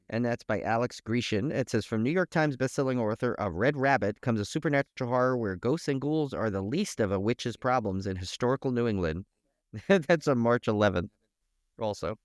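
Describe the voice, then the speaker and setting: A man with a mid-pitched voice co-hosting a podcast. He rambles and jokes, with plenty of "like" and "uh". The recording is dry and close. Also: lively intonation, moderate pace, no room sound. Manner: jokey, rambling, uses lots of "like" and "uh". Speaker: podcast co-host. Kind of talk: casual podcast chat.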